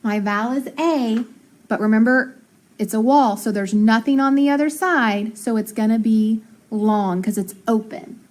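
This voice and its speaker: A woman teaching phonics to young students, patiently sounding out words slowly and clearly. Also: a little high, darkish tone. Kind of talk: recorded lesson for young students.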